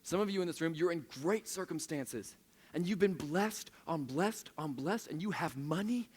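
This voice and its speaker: Young man preaching in a chatty, animated way. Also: on the high side, husky. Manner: animated, self-mocking storytelling with quick restarts. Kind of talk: conversational sermon. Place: church service in a room of listeners.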